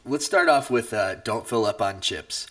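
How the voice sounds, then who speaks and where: A man's voice: on the low side, lively intonation, moderate pace, a bit bright, recorded from a distance. A man hosting a podcast interview, chatting casually and affirming his guest often. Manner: friendly, chatty, frequent affirming murmurs. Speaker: podcast host.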